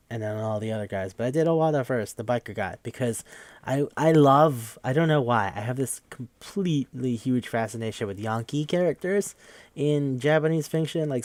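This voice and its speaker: A young man hosts a casual podcast and recaps a game in a rambling, swearing flow. His voice sits at an ordinary middle pitch. The recording is close and dry, with no room sound. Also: a little mellow, dry recording. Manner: rambling, profane, quick to act out quoted lines. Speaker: podcast host.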